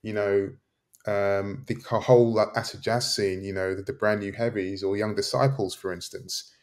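A man's voice: fairly low pitch, flat delivery, normal speed. A man, a professor guest, answering thoughtfully and reflecting on memories. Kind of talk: interview.

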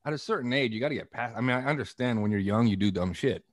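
A man's voice: medium pitch, animated, fast, dry recording. A man chatting on a podcast, telling a story in a blunt, profane way. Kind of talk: casual podcast chat.

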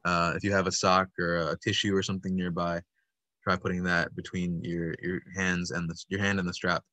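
A man's voice: low-pitched, flat delivery, fairly quick, pushed and bright, no room sound. A man instructing an online puppetry workshop over a video call, patient and encouraging as he explains step by step.

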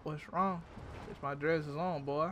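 A man's voice: a little high, fairly even intonation, a little slow, pushed and bright, a little hiss or hum. A man roleplaying in a video game, trading brash, joking trash talk. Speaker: roleplay gamer. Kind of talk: casual game roleplay banter.

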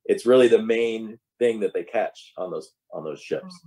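A man's voice: fairly low pitch, moderate pace, mellow, rough recording. A man on a panel chatting conversationally, explaining his point at length. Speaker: crew member. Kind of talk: casual panel chat.

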